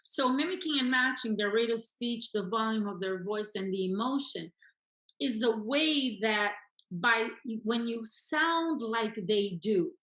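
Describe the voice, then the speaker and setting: A woman coaching real estate agents in an energetic lesson, acting out phone calls in quick voices. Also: fairly high pitch, echoey room, rough recording.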